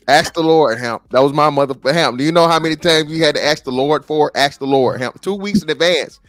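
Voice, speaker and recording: A man's voice: medium pitch, moderate pace, a bit bright, dry recording. A man co-hosting a podcast, telling a story in casual chat, swearing freely and acting out the people he quotes. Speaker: podcast co-host. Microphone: studio microphone.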